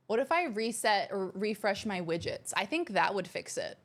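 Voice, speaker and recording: A woman hosting a livestream from her home streaming room, chatting casually and reading out viewer messages in a bubbly, gushing way that is quick to exclaim. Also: medium pitch, sing-song. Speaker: livestream host.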